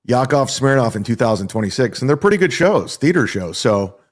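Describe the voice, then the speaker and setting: A man's voice: medium pitch, big pitch swings, fairly quick. A stand-up comedian man in a casual monologue, boastful and defensive, swearing freely. His voice sits in an ordinary middle range for a man.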